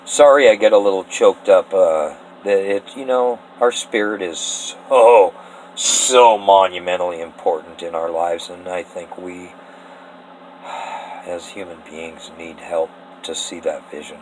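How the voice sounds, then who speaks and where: An earnest man from Eastern Washington talks through his story idea in a loose, rambling way, his low voice full of feeling. He laughs between thoughts and sometimes sounds moved. A faint background hum sits under his voice. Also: unhurried, a little mellow, rough recording. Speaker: amateur story pitcher. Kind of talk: casual spoken story pitch.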